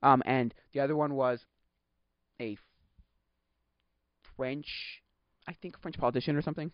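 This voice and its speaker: A man's voice: mid-range voice, fairly even intonation, normal speed, no echo. A young man from Quebec chatting casually as a podcast host, rambling and correcting himself, with bursts of exasperated ranting. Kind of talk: casual chat. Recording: dull lo-fi sound.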